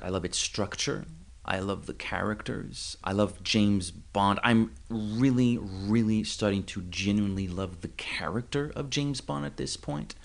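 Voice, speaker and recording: A man's voice: fairly low pitch, vocal fry. A man co-hosting a podcast, chatting casually and making playful, jokey asides. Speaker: podcast co-host. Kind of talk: casual chat.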